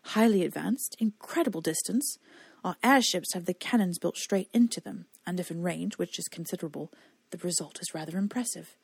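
A woman voicing a captive male enemy knight who talks smooth, cool and coaxing. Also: fairly low pitch, a little fast, dry recording.

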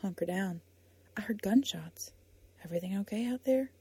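A woman reading a storybook, voicing a blunt, spirited young woman with a lively, teasing way of talking. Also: normal speed, breathy edge, no echo. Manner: lively and teasing, rising pitch.

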